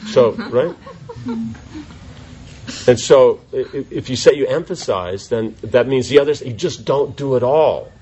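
A man teaching a class in an informal question-and-answer session, animated and full of rhetorical questions. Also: mid-range voice, a little slow, pauses often, highs cut off, a little hiss or hum.

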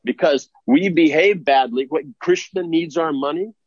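A man's voice: on the high side, moderate pace, no room sound. Guy giving a sermon, blunt, scolding, lots of rhetorical questions, dry dull recording. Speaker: spiritual teacher.

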